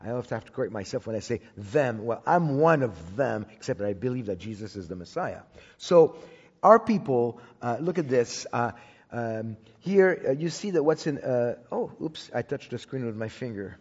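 Long hall reverb fills this dull recording of a Bible teacher preaching to his congregation. His mid-range voice is animated, slightly rough, and a little mellow, moving at normal speed. He tells the sermon as a personal story in a conversational way, often restarting and repeating words.

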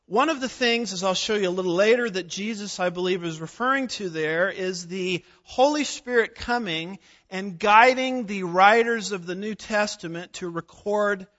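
High, bright-voiced male preacher. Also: highs cut off. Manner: emphatic, slows to stress key words, rhetorical questions. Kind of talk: expository sermon.

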